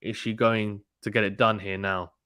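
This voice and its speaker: Low-voiced man doing brisk play-by-play. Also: level tone, sharp tone, clear, resonant tone, no echo, studio quality. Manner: brisk, chatty, with frequent ums and restarts. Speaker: live-stream tennis commentator. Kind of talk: play-by-play commentary and reading chat.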